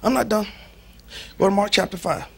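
A male pastor preaching a sermon in a church, folksy and animated, acting out the voices of biblical figures as he tells their stories. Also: high-pitched, fairly quick, creaky, breathy edge.

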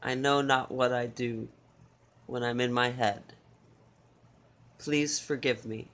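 A man reading channeled love messages in a soft, tender way, with repeated phrases and pauses. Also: mid-range voice, fairly even intonation, a little hiss or hum. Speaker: spiritual reader.

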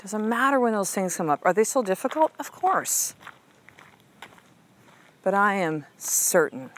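A woman's voice: medium pitch, expressive, fairly quick, slight background noise. An upbeat woman life coach talks straight to her listener in a motivational podcast monologue. Her delivery is casual and chatty, full of fillers and tag questions, with blunt emphasis and the occasional swear. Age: adult mother of a six-year-old. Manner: casual, chatty, frequent "like" and "right?", swears freely.

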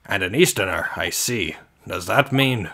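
A man's voice: deep voice, lively intonation, a little slow, a little hiss or hum, exaggerated voice. A man reading aloud the lines of a hostile middle-aged prison governor from a game. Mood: gruff. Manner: reading dialogue aloud, slightly louder.

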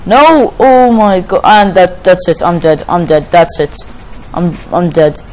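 A woman's voice: on the low side, unhurried, darkish tone, low-quality recording. A woman giving casual let's-play commentary on a story game, emotional, often pleading and exclaiming. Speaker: gamer playing a story game.

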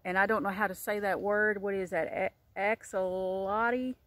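A woman's voice: medium pitch, fairly even intonation, unhurried, dry recording. A woman hosting a crochet channel, chatting casually through a book review with lots of fillers and restarts. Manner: chatty, rambling, warm-hearted with many fillers. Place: outdoors.

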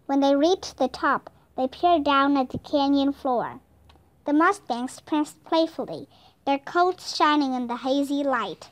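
High, slow woman reading a storybook. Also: no echo. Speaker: audiobook reader. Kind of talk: children's audiobook narration.

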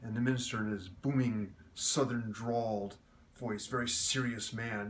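A man with a mid-range voice tells a joke in an easygoing, conversational way. He chats warmly to his viewers, pausing with fillers and small restarts. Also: mid-range voice. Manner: relaxed, friendly, with fillers and restarts. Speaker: joke teller. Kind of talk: casual joke telling to camera.

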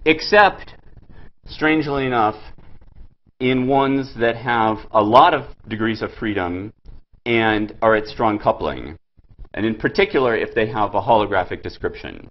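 A man giving a physics lecture at a board, pausing often with fillers and restarting his sentences. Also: on the low side, muffled recording. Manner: halting, many fillers and restarts. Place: lecture hall.

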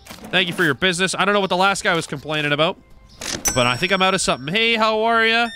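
Racing along in a high, pushed, bright voice, a man narrates a shop game while soft music plays behind him. He's a gaming YouTuber, and his playful let's-play commentary has him chatting to customers like a cheerful shopkeeper.

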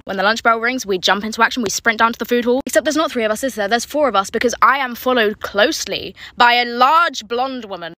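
Young woman, fast, bright and a touch high, deadpan sweary storyteller. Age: young adult. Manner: sweary, deadpan comic storytelling with frequent "right?". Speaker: content creator. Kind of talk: casual storytime monologue.

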